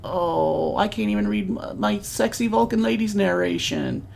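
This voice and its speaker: Rambling let's-play host with vocal fry. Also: medium pitch, moderate pace, darkish tone, a little hiss or hum. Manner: rambling, chatty, self-deprecating. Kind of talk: casual gameplay commentary.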